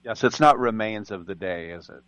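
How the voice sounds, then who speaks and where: Low-voiced male interviewer, dry sound. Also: normal speed, a bit bright, dry recording, lo-fi sound. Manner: chatty, teasing questions. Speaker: interviewer, host. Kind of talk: casual interview questions.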